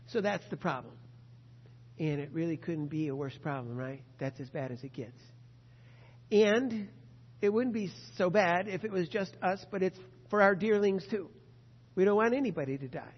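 High-voiced male preacher in an echoing hall. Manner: earnest, slow and emphatic, stretching key words. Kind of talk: sermon with a read-aloud story. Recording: muffled sound in a reverberant hall.

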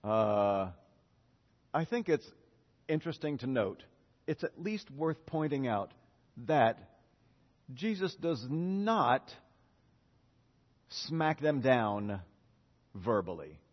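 Animated preacher in an echoey hall. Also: male voice, medium pitch, takes it slowly, pauses often, highs cut off. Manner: animated storytelling, voicing biblical characters in casual speech. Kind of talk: lively sermon with acted-out dialogue.

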